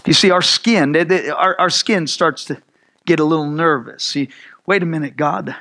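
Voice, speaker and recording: A man's voice: a little high, normal speed, low-quality recording. Male pastor preaching with a raised voice, repeating lines to build emphasis. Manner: repetitive, stammering restarts, rising to loud emphatic peaks; acts out voices of Moses and God in dialogue. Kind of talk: sermon.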